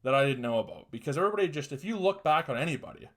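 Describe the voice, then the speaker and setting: A man's voice: a little high, expressive, racing. A young man hosting a podcast, talking bluntly and casually, rambling with profanity and mocking asides. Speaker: podcast host. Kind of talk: casual solo commentary.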